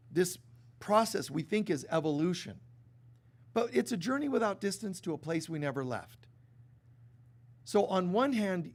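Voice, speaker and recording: High-voiced man preaching conversationally. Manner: conversational and animated, with many restarts and acted-out quotes. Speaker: spiritual teacher. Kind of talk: sermon. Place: stage before a live congregation.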